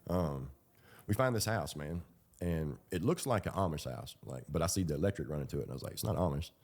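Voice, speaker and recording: Low-voiced guy rambling thru a story, casual, lots of ums. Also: lively intonation, a little fast, darkish tone. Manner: rambling, colloquial, with fillers and laughs. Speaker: ex-prisoner telling his story.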